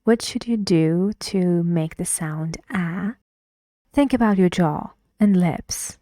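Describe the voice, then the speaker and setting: A woman teaching English pronunciation in a slow, patient way, often dropping to a breathy half-whisper. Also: lowish voice, mellow, dry recording, studio quality. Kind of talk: pronunciation lesson.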